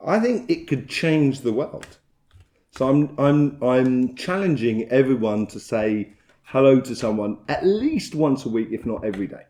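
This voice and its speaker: Mellow-voiced man giving a rambling tarot reading. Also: mid-range voice, lively intonation, normal speed. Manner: rambling and chatty, with soft laughs. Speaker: tarot reader. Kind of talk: casual tarot reading monologue.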